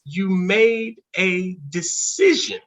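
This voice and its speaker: Lively man explaining ideas. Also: high-pitched, very slow. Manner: explanatory, emphatic teaching tone. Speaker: guest shaman and teacher. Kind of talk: casual chat.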